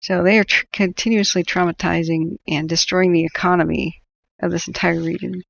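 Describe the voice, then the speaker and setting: A woman's voice: fairly low pitch, little pitch movement, normal speed, gravelly, no room sound, lo-fi sound. A woman hosting a wildfire-tracking livestream, giving sardonic, rambling commentary and laughing often. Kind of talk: live stream commentary.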